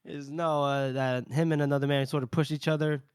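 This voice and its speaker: Male podcast co-host, casual recap, lightly higher voice, laughs often, drops into character lines. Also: level tone, smooth, dry recording, studio quality. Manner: retells scenes with quick put-on character lines and laughs. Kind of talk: casual chat recapping a book.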